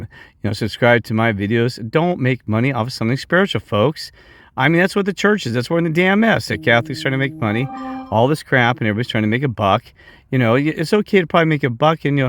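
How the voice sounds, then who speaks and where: A man's voice: mid-range voice, dry recording, clean studio sound. A middle-aged man vlogging in a heated, rambling monologue that keeps jumping off topic and restarting. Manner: heated, digressive, many restarts.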